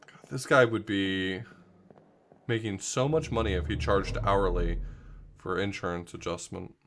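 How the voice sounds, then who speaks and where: A man's voice: low voice, steady tone, a little slow, fairly bright tone, a little hiss or hum. A man streaming a game, thinking aloud and making self-deprecating asides in casual commentary. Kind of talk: casual live gameplay commentary.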